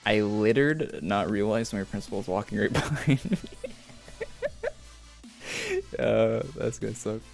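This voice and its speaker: A man's voice: on the low side, normal speed, gravelly. A young man streaming a game, rambling through school stories in casual chat. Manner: rambling storytelling with laughs. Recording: faint music behind.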